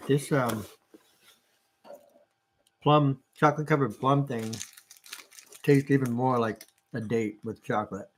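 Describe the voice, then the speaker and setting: A relaxed woman with an unusually deep, low voice chats casually beside her friend. She is easygoing and laughs readily. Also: slow, long pauses, slight background noise. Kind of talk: casual chat.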